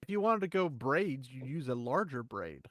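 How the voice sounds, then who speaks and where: A man hosting casual online commentary, rambling and animated, with big jumps in pitch to stress his points. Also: moderate pace, no echo. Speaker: channel host.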